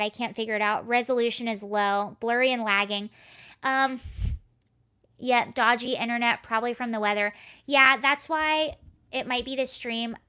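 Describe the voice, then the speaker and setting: A woman's voice: on the high side, sharp tone, smooth. A woman hosting a live stream from home, rambling casually, telling a story and reading comments from chat. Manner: chatty, rambling, reads chat aloud. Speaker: livestream host.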